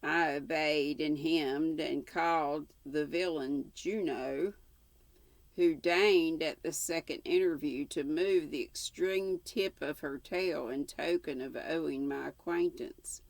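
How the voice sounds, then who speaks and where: An older woman reading a classic novel aloud, unhurried, with casual asides now and then. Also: low voice, vocal fry, no echo. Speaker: audiobook reader.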